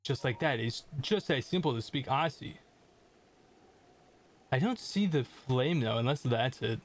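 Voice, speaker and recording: A man's voice: mid-range voice, lively intonation, unhurried, a little hiss or hum. A man streaming a video game, chatting casually with viewers in a rambling, self-deprecating way and swearing at the game. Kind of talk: casual gameplay commentary.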